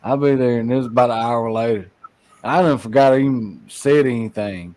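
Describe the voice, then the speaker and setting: A man's voice: medium pitch, brisk, darkish tone. A man telling loose stories in a casual podcast chat, rambling with lots of fillers. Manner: rambling storyteller, many fillers, Southern slang. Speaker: podcast guest.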